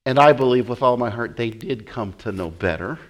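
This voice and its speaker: A man preaching a sermon in an animated way, often repeating words as he acts out the scene. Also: mid-range voice, a little fast.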